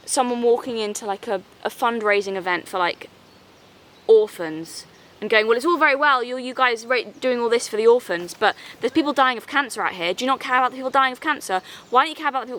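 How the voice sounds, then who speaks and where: A woman's voice: on the high side, a bit bright. A woman vlogger talking straight to camera in a rambling, exasperated way, full of fillers and restarts, answering comments. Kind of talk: casual vlog chat.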